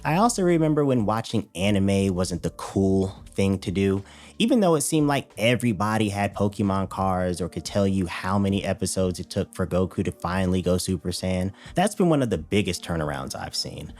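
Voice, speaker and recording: Man, low voice, animated pitch, wry blunt commentary, faint background music. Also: moderate pace. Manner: wry, blunt, expressive delivery. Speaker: host. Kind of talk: scripted commentary.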